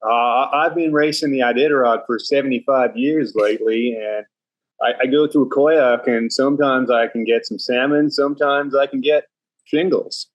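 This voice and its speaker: A man voicing an old musher with a put-on American accent, deadpan and joking. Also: medium pitch, moderate pace, no echo, muffled recording, natural voice.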